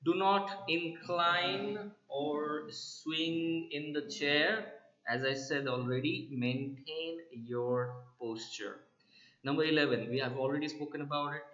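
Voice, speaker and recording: A middle-aged man, a soft skills trainer, gives emphatic interview tips to camera and keeps checking in with "right?". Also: fairly high pitch, slow. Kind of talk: instructional talk to camera. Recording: roomy, slightly dull sound.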